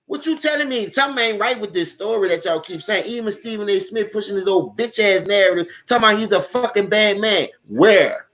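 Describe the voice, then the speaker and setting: A man's voice: high voice, brisk, hardly any pauses, fairly bright tone. A young man with a New Orleans accent, ranting profanely and animatedly about football as a live-stream host, speaking straight to his viewers. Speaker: sports commentary host.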